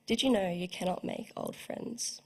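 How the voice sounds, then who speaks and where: A measured talking fish from a short story, calm and probing, asking gentle questions, as a young woman reads it aloud. The voice sits at a middling height with a slightly higher lift on the questions. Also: gravelly, breathy edge. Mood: pensive.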